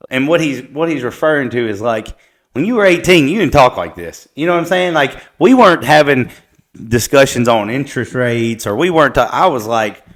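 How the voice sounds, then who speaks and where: A man's voice: mid-range voice, animated, fairly quick, a bit bright. A young adult man hosting a podcast, talking in a loose, rambling way that is full of profanity. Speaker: podcast host. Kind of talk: casual chat.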